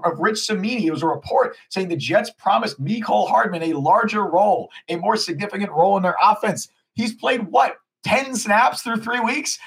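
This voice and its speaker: A man with a husky voice pitched a little high co-hosts a casual sports podcast. He rants with heat and keeps restarting his sentences as he pushes each point. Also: fairly bright tone. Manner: heated ranting with frequent restarts. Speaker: podcast co-host.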